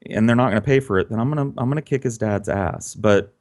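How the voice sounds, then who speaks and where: A man voicing a calm middle-aged father who speaks hesitantly and earnestly. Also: lowish voice, fast, close to an everyday voice.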